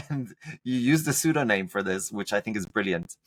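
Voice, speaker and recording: A man hosts the interview in a lowish voice, recorded close and dry. He is animated and laughs often, his pitch jumping upward when he stresses a point. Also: normal speed, dry recording. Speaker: podcast host. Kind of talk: conversational interview.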